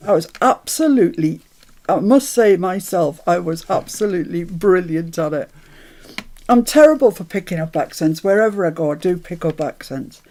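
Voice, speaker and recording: A woman's voice: fairly low pitch, lively intonation, moderate pace, mellow. A woman hosting a live crafting stream, chatty and self-mocking, often laughing at herself.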